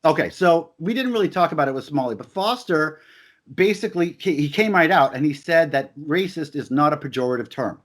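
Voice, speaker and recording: A man's voice: fairly high pitch, lively intonation, fairly quick, a bit bright. A man in a heated conversational discussion, talking emphatically and repeating his points with stammered restarts.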